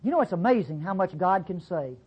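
Husky folksy Bible teacher. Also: expressive, a little fast, darkish tone, dull audio. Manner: folksy, conversational, acts out quotes with big pitch jumps. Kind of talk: sermon-style Bible class teaching.

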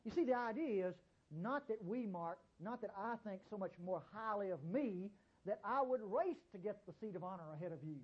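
A man delivers a sermon in a husky voice. His pitch swings widely, leaping up and dropping low as he presses his points and keeps urging listeners to hear him. The recording sounds dull and lo-fi. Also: animated, fairly quick. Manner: emphatic, repeats "listen to me", sudden jumps in pitch and volume. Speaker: preacher.

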